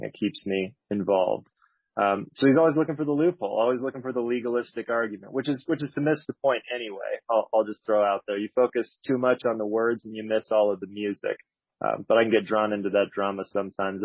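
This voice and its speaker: A man's voice: lowish voice, no room sound. A man giving a candid, reflective talk about his recovery at a support meeting, with a slightly wry manner, on a dull lo-fi recording. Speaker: speaker sharing at a recovery meeting.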